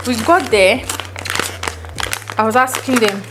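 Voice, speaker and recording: A woman telling a story in an animated, laughing way while cooking in her home kitchen. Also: mid-range voice, a little slow, noisy background. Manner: animated, laughing, mixes in slang. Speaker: vlogger. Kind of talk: storytelling vlog. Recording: kitchen with loud frying sizzle.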